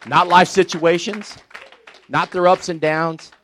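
An older man preaching a sermon, animated and exclaiming with laughter and praise. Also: sits high, takes it slowly, some chatter behind, a little hiss or hum.

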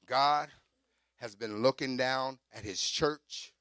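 A man's voice: mid-range voice, slow pace, smooth, no echo, studio quality. A middle-aged man preaching a sermon, telling his own testimony with fervor and talking straight to the congregation. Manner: fervent, builds to shouting; conversational asides to congregation.

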